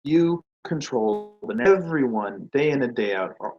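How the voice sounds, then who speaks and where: A man's voice: mid-range voice, expressive, unhurried, dull audio. A man giving a motivational talk on branding and sales, asking the listener rhetorical questions and acting out quoted reactions. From Nordic.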